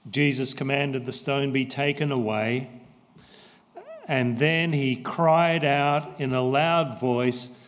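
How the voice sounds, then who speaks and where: Slow-preaching pastor in a reverberant church. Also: male voice, mid-range voice, steady tone, a bit bright. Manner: slow, emphatic, repeats key phrases. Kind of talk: sermon.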